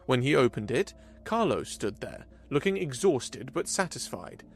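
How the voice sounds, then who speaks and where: A man reads a sci-fi story as scripted narration, his pitch ranging widely and expressively. The voice sits at a middle pitch with a storyteller's steady flow. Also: unhurried, breathy edge.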